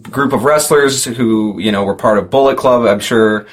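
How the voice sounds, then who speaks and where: A man's voice: mid-range voice, moderate pace. A young man co-hosting a casual podcast chat, rambling and restarting his sentences. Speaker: podcast co-host.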